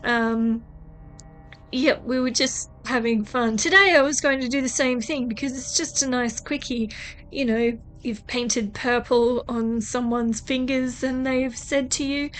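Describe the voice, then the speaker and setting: A woman's voice: fairly high pitch, steady tone, measured pace, a little hiss or hum. A woman with an Australian accent, chatting casually and joking as she shows a nail tutorial, with frequent swearing. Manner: chatty, swears freely, jokey. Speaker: nail artist vlogger.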